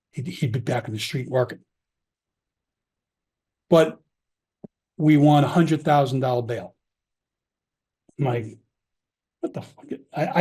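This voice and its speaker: A man's voice: medium pitch, a little mellow, husky. A middle-aged man, a former police officer telling his story in an interview, emotional and profane, acting out the people he quotes. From Long Island, New York.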